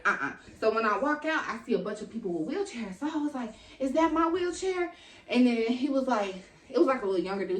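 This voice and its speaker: A young woman telling a long, animated story in casual slang and acting out what people said. She is a little out of breath. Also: on the high side. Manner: animated, slangy, acts out quotes. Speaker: vlogger. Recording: echoey room, mic at a distance.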